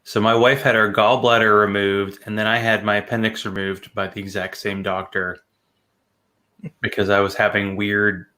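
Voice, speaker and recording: A man's voice: fairly low pitch, level tone, moderate pace, pushed and bright. A man talking as a podcast guest, telling chatty stories with a sarcastic edge. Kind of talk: casual chat.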